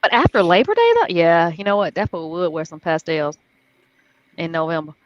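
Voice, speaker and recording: Woman with a lowish voice calling picks, dry dull audio. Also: animated, normal speed, dry recording. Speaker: co-host running the picks. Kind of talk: casual sports chat.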